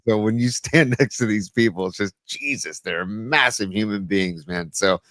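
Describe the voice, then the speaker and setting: Relaxed male podcast co-host, dry sound. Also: fairly low pitch, moderate pace, no echo. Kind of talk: casual podcast chat.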